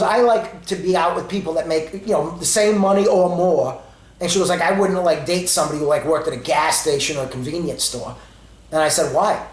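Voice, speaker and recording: Rambling high-voiced man in an echoey room. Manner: rambling, conversational, with many fillers and quoted dialogue. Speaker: storyteller. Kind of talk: casual storytelling.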